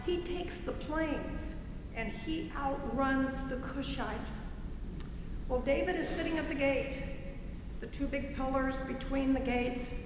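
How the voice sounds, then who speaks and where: A woman reading scripture in church with expressive, storytelling delivery. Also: sits high, background noise. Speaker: scripture reader. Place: church sanctuary. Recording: echoey hall with loud ambience.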